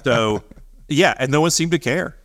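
A man co-hosting a podcast, telling a story in casual chat, animated, acting out the voices of the people he quotes and laughing often. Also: fairly high pitch, moderate pace. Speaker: podcast co-host.

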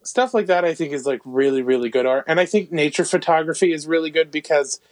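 A man's voice: fairly high pitch, fast talker. A man chatting casually, describing things at length with plenty of fillers in an easygoing way. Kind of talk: casual chat.

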